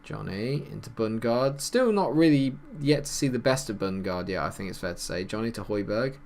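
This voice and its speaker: A man's voice: lowish voice, moderate pace. Chatty man commentating a football game. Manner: chatty, mock play-by-play, excited by goals. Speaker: gaming YouTuber. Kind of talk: casual gameplay commentary.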